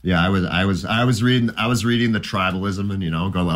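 A middle-aged man chatting casually about music, rambling and animated, often laughing as he remembers. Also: deep voice, quick pace.

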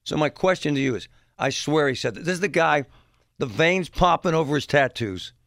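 Gravelly, animated man telling a story. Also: fairly high pitch, fairly quick, no room sound, clean studio sound. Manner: animated, mocking, impersonates yelling parents. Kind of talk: storytelling monologue.

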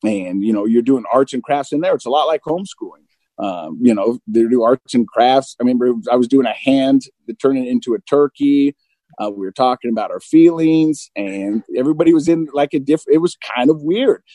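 Candid mid-forties man with a mellow voice. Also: mid-range voice, a little fast, no room sound, low-quality recording. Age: 40s. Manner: open and self-deprecating, acts out both sides of dialogue. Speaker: guest recounting recovery. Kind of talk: candid conversational storytelling.

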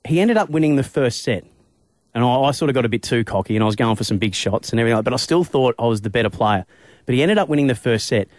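A young Australian man hosting a radio show, telling a story in an animated, quick way from a studio mic. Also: mid-range voice, dry recording. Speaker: radio host. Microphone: studio microphone.

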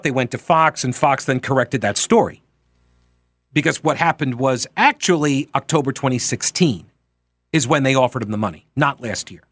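A man's voice: medium pitch, a bit bright, no echo, clean studio sound. A man hosting a political talk radio show, speaking emphatically and conversationally, correcting himself as he goes.

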